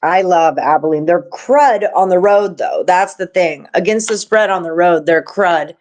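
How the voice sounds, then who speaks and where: A woman's voice: on the low side, a little slow, a little mellow, poor audio. A woman hosting a live sports-betting stream, chatting loosely with viewers and co-hosts. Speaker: sports betting show host. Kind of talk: casual live-stream chat.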